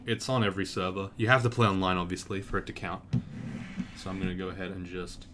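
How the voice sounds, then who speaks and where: A man's voice: low-pitched, flat delivery, fast, noisy background. A man giving casual let's-play commentary, rambling as he reads rules aloud with asides and restarts. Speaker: gaming video creator.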